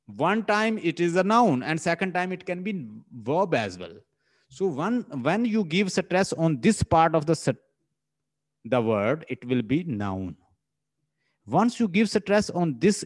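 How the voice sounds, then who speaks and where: This high-pitched man, speaking with a Pakistani English accent, teaches a linguistics lesson in class, going over points more than once and breaking words into syllables aloud.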